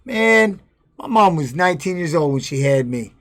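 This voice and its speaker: A man's voice: on the high side, animated, normal speed, fairly bright tone. A middle-aged man telling his life story casually on a livestream, blunt and profane, often restarting and adding "you know what I mean". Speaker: former fighter streaming to viewers.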